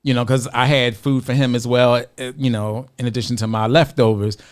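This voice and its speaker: A man's voice: medium pitch, level tone, brisk. A man co-hosting a podcast, telling a long story in casual chat, acting out the voices he quotes and laughing often. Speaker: podcast co-host.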